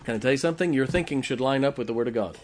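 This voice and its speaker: A man's voice: mid-range voice, very fast. A middle-aged man preaching a folksy sermon, often asking the congregation questions. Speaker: pastor.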